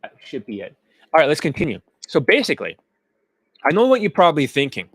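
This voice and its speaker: A man's voice: fairly high pitch, wildly swooping pitch, fast, fairly bright tone, slightly rough, no echo, clean studio sound. A man talking as a dating coach in a brash, boastful monologue, swearing freely. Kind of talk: casual promotional monologue.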